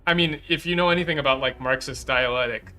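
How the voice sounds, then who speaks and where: A man co-hosting a casual stream, talking over a game's translation with quick, animated interjections. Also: mid-range voice, soft background music. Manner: animated, quick interjections, reads lines in Japanese. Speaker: co-host reviewing a game translation. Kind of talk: casual chat.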